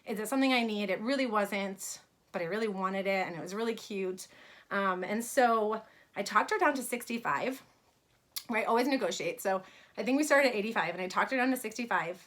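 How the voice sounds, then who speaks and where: A woman's voice: medium pitch, a little fast, fairly bright tone. A woman in her thirties from New York, telling a personal story in a casual vlog about her fashion brand, chatty with many fillers.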